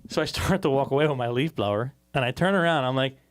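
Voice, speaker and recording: A man on a podcast tells a story with lots of swearing, acting out what each person said. His voice sits at an ordinary middle pitch for a man, and he talks in a loose, chatty way. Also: fast talker. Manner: profane, animated storyteller acting out quotes. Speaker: podcast co-host. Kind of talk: casual chat, storytelling.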